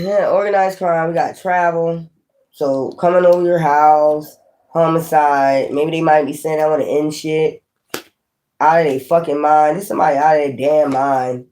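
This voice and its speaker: Profane, animated male tarot reader. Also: a little high. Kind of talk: casual tarot reading.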